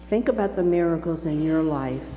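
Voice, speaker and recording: Older woman with a low voice telling a story from the pulpit, recorded with long church reverb and faint hum. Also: moderate pace. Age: 70s. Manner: lively, acting out the voices in her story. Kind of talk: personal storytelling to a congregation. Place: church sanctuary.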